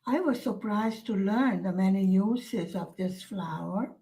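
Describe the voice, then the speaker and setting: Slow, soft-spoken woman vlogger. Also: mid-range voice, low-quality recording. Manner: soft-spoken and musing, with many pauses and fillers. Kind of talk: casual chat to viewers. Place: lives in Hungary.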